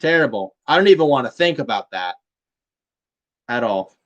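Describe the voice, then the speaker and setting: A man's voice: medium pitch, lively intonation, normal speed, highs cut off. A man hosting a casual wrestling review, blunt and fond of swearing, with "man" tacked onto many lines. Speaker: podcast host.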